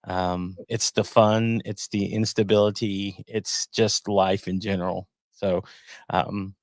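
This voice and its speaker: A man speaking as a guest on a live podcast stream, talking casually and rambling, often restarting his sentences. His voice sits fairly low, and the sound from his home webcam setup is dry and close, with no room echo. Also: little pitch movement, takes it slowly.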